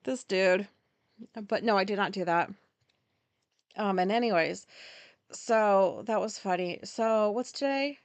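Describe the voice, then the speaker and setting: A woman's voice: mid-range voice, a little slow, long pauses, smooth, no echo. A woman in her forties hosting a podcast, telling a story in a rambling way, full of fillers and restarts. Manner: rambling, filler-heavy, self-interrupting. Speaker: podcast host. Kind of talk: casual storytelling monologue.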